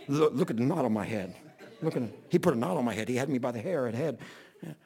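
A man's voice: mid-range voice, animated, fast talker, mellow. A man, a pastor telling a funny story in a folksy sermon, often laughing as he goes. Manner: folksy and laughing, acts out voices.

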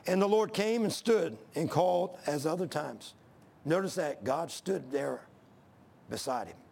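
High, gravelly preacher. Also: male voice, expressive, a little slow, darkish tone. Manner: folksy storytelling, reading scripture aloud. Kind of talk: sermon.

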